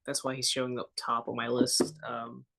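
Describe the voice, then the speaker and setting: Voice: mid-range voice, completely flat delivery, moderate pace, gravelly, fairly bright tone. A podcast co-host in casual chat, talking in a chatty way and thinking aloud.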